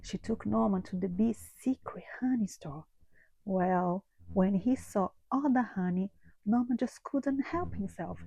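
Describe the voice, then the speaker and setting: Slow, gravelly woman reading a story. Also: medium pitch, mellow, dry recording, low-quality recording. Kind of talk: children's story read aloud.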